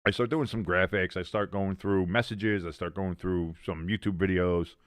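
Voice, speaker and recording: A man's voice: deep voice, fairly even intonation, normal speed, clear, resonant tone, dry recording. Chatty man streaming a game. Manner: rambling, chatty, many restarts. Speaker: watch-along streamer host. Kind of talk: casual live-stream chat and play-by-play.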